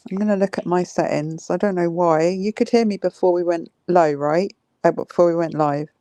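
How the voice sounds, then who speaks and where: A woman's voice: on the low side, fairly even intonation, normal speed, warm tone, no echo. A woman with an English accent, a bubbly guest on a casual livestream who laughs often, speaking over a computer mic. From England. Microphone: computer mic on a call.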